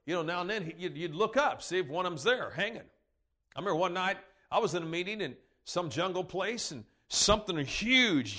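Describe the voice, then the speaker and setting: A man's voice: fairly high pitch, a bit bright. A man preaching, telling rambling folksy stories and laughing along at them. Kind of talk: sermon storytelling.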